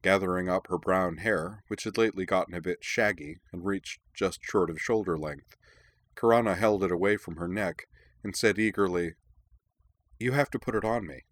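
A man reading a story aloud in calm, even audiobook narration. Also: deep voice, normal speed, no echo.

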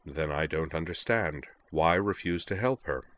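Brief: deep male reader as a cold, commanding chairman, measured and flat, storybook reading. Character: cool, commanding young man, school chairman. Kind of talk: audiobook reading of fan fiction.

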